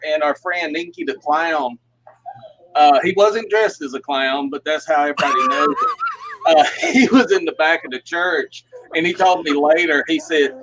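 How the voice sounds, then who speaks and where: A man's voice: fairly high pitch, lively intonation, normal speed, fairly bright tone. A man on a livestream call, telling long folksy stories and laughing often as he goes. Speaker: guest puppeteer. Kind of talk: casual livestream chat, storytelling. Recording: muffled lo-fi audio.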